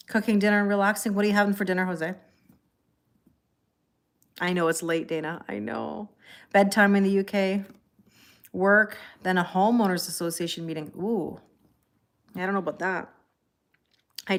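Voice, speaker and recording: A woman hosting a tarot livestream in a calm, chatty way, reading viewer comments aloud and thanking people by name. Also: mid-range voice. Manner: calm and relaxed. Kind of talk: casual livestream chat.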